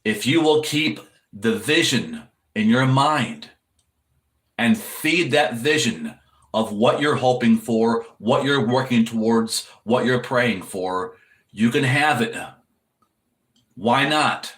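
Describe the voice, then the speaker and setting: A man delivers a sermon-style message of encouragement at an unhurried, deliberate pace. He speaks earnestly and keeps circling back to the same phrases for emphasis. His voice rings in an echoey room. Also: medium pitch, a bit bright. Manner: earnest, repetitive exhortation addressed to the viewer. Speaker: preacher.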